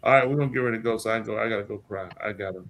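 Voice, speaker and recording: A man's voice: fairly low pitch, rapid-fire, fairly bright tone. A man hosting a podcast in casual chat, rambling and lamenting, repeating himself in drawling, slangy speech. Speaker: podcast host.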